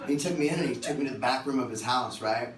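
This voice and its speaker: At a concert venue, a fast-talking man with a medium-pitched voice jokes through live stories between songs, acting out voices animatedly. Crowd noise fills the distant, echoey recording.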